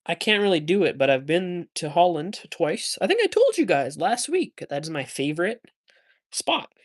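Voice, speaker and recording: A man's voice: high voice, big pitch swings, moderate pace. A man hosting a casual phone livestream while walking outdoors, a bit winded, chatty and joking as he answers chat. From Canada. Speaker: livestream host. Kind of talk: casual live chat reading viewer comments.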